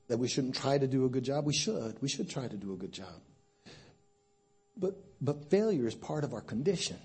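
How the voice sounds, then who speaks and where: Husky preacher man, lively delivery. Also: a little high. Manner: conversational, swings between hushed and emphatic. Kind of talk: sermon. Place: church.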